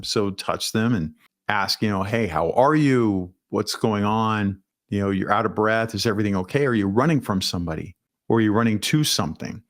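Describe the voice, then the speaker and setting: A man's voice: on the low side, vocal fry. A man hosting an instructional talk, giving practical, plain-spoken advice straight to his viewers. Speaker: host.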